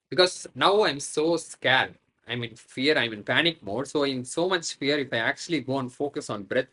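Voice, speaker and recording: Bright-voiced man. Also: a little high, rough recording. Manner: earnest, self-reflective explaining. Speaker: online tutor. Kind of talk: explanatory talk to camera.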